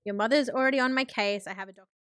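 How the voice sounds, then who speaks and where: Gushy proud dad played by a woman, bright and up close, dry. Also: fairly high pitch, racing, no echo, natural voice. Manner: gushing, affectionate. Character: doting middle-aged father, proud of his girl.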